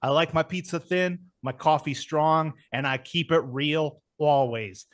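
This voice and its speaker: A brash, chummy Brooklyn dude with a thick put-on New York accent, as a man acts him out for improv comedy. He swaggers and leans on one catchphrase over and over. His voice sits a little high. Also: unhurried, close to an everyday voice. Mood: swaggering. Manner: keeps repeating a catchphrase, swaggering. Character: brash laid-back Brooklyn guy, loud and chummy.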